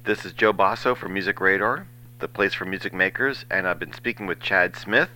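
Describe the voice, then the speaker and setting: A man's voice: sits low, brisk, bright, forceful tone, low-quality recording. A man interviewing a guest, with polite, formal wrap-up phrasing. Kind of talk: radio-style interview.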